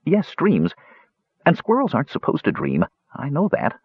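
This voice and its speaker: A man's voice: fairly high pitch, huge pitch swings, normal speed, breathy edge, no room sound, voice pushed up, heavily acted. A man voicing a nervous, confused male squirrel who talks in an anxious, fretful way. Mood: bewildered. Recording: slightly dull lo-fi recording.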